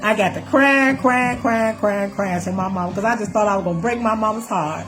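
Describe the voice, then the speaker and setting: A woman's voice: medium pitch, normal speed. A middle-aged woman telling her own life story in casual speech, acting out the voices of people in it and calling the listener "baby". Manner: Southern Black American vernacular, calls listener "baby".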